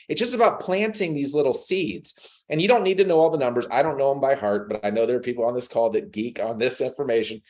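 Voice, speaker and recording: A man hosting a team sales call, giving motivational talk and acting out conversations with prospects over a video call. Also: a little high. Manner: animated, acts out conversations with changed voices.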